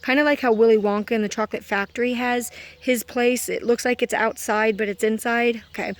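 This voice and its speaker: A woman's voice: fairly high pitch, steady tone, brisk. Rambling woman recounting dreams. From Kentucky. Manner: rambling, self-correcting, full of "um" and "like". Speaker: vlogger. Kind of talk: casual storytelling of dreams.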